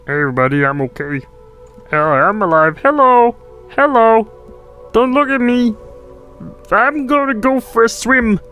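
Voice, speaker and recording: A man voicing a giddy, stinky townsman who has fled a ghost, in a high, squeaky, shouty put-on voice. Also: expressive, measured pace, pauses often, clean tone, soft background music, heavily acted.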